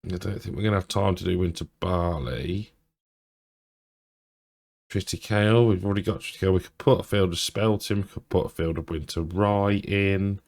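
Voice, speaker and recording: A man's voice: low-pitched, normal speed, vocal fry, a little mellow. A man giving casual let's-play commentary, thinking aloud and chuckling to himself. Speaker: game streamer.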